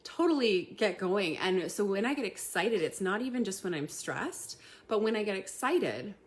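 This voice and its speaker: A woman hosting a casual live talk to her community, chatty, laughing often and filling pauses with ums. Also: mid-range voice, sing-song. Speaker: community host giving tips.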